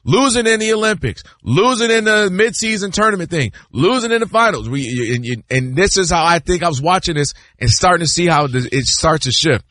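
A man debating basketball on a sports show, emphatic and lively, acting out players and fans as he argues. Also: high voice, no room sound. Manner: emphatic, acts out players and fans in quick voices.

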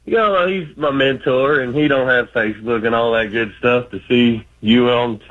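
Southern caller from Arkansas, mid-pitched, relaxed and polite, lo-fi phone sound. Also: male voice, normal speed. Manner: easygoing, rambling, polite. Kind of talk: phone call-in chat.

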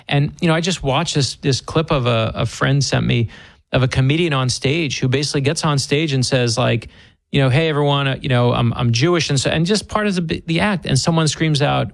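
A man's voice: mid-range voice, a little fast, gravelly, dry recording. A man being interviewed as an author guest on a talk radio show, speaking in an earnest, emphatic way and often repeating words as he starts a thought.

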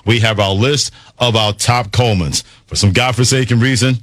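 A man's voice: medium pitch, steady tone, moderate pace, a bit bright, no room sound. A man hosting a sports radio show from a studio, running a casual, joking list segment. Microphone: studio microphone.

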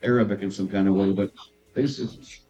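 A man's voice: on the low side, fairly even intonation, normal speed, warm tone, dull audio, faint music behind. A man hosting a casual chat in a venue's green room, rambling and repeating himself as he talks. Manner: chatty, rambling, repeats words like "right, right". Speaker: podcast host.

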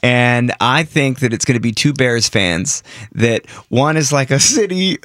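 A man's voice: mid-range voice, expressive, unhurried, a bit bright, no echo, clean studio sound. A man co-hosting a show, chatting casually and tossing out joking, opinionated remarks. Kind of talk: casual chat.

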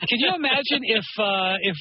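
A man hosting a casual talk show, throwing in quick, jokey remarks. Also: very high voice, animated, no room sound. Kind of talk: casual chat. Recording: muffled radio broadcast.

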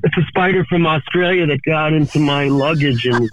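A man calling in as a guest musician, chatting casually and excitably, often repeating words as he rambles. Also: a little high, normal speed, a little hiss or hum. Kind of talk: casual phone interview. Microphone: phone line. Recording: tinny dry phone line.

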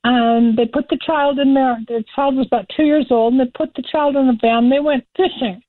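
A woman's voice: high-pitched, fairly even intonation, fairly quick, no room sound. Woman from LA, phone-in guest, chatty and giggly; dry, phone-quality sound. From Los Angeles area. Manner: chatty, laughs at her own stories. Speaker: guest commentator. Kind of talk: casual phone-in chat. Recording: tinny phone line.

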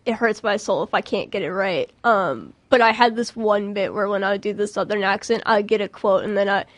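A woman's voice: mid-range voice, brisk, no echo. A young woman co-hosting a casual podcast chat, rambling with many restarts and frequent giggles. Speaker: podcast co-host, mock trial team member.

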